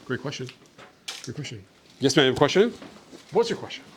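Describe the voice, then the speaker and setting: A man's voice: medium pitch, big pitch swings, a little fast, background noise. A young man from Canada chatting casually with a school class about his travels, upbeat and friendly, with lots of "like" fillers. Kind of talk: casual talk and Q&A with children.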